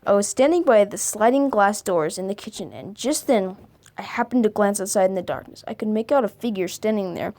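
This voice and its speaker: A woman reading scary stories aloud for a video, halting now and then to stumble over and correct her words. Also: mid-range voice, expressive, warm tone. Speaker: video creator.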